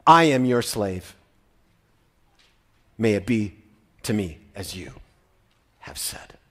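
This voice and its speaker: A man voicing a humble teenage girl who answers quietly and faithfully, sinking into a whisper. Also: on the low side, very animated, slow, voice pushed down, full character voice. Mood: devoted. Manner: hushed, fading to a whisper.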